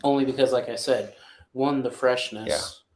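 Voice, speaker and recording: A man's voice: medium pitch, steady tone, normal speed, a little mellow, a little hiss or hum. A man hosting a casual live-stream chat, hesitant and often restarting his phrases. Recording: roomy echo.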